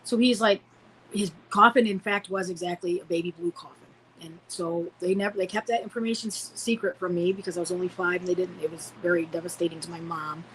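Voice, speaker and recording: A woman's voice: fairly low pitch, steady tone, a little fast, fairly bright tone, slight background noise, low-quality recording. A woman in her forties from Illinois, a podcast guest telling personal stories in a rambling way, full of fillers and restarts. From Illinois, United States. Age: 40s. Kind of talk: casual storytelling interview.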